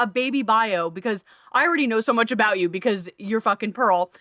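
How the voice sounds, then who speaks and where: A woman hosting a podcast, gushing excitedly and swearing freely, talking in rapid bursts that keep interrupting themselves. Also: a little high, dry recording, clean studio sound. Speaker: podcast host.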